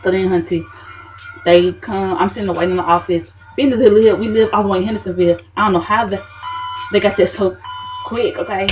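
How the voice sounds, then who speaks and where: A sassy woman vlogs straight to camera and spins her story with dramatic diva flair. Her voice sits at a middle pitch. The audio is a little muffled, with faint music underneath. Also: fairly even intonation, a little fast. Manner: sassy, dramatic diva persona, repeats "okay, honey". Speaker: vlogger.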